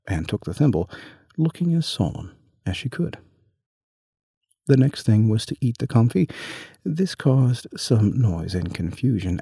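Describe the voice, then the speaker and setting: Man reading a kids story aloud, low gravelly voice, dry close sound. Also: warm tone, no echo. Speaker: narrator.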